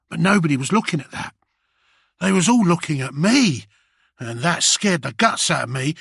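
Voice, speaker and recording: A man reading first-person audiobook narration in a rough, slangy voice as a nervous little goblin. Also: on the high side, fairly bright tone, no echo, studio quality.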